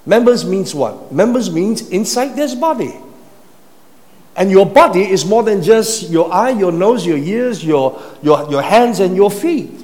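A man's voice: high-pitched, lively intonation, a little slow, darkish tone. A man preaching a sermon in a teaching manner, putting questions to his listeners and repeating words as he builds his points. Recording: long hall reverb.

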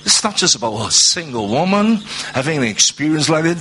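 A man preaching a sermon, alternating slow scripture reading with rising, drawn-out proclamations. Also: very animated, bright, forceful tone, slight background noise. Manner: rises to high, drawn-out proclaiming.

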